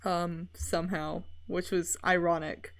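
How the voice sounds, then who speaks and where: A woman's voice: fairly low pitch, little pitch movement, a little slow, soft background music. A woman streamer chatting casually, rambling with many fillers and frequent laughter.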